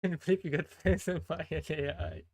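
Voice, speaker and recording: A woman's voice: low voice, fairly even intonation, moderate pace, darkish tone, breathy edge, no room sound. A woman streamer chatting casually and bluntly, giving terse answers and laughing as she talks. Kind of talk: casual live-stream chat.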